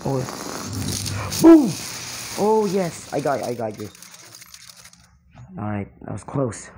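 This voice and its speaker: A young woman narrates her gameplay in an excitable, exclaiming way, laughing often. Her voice sits low and sounds warm and mellow. She talks at an unhurried pace, and a faint hiss of noise stays under her voice. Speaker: mobile game player.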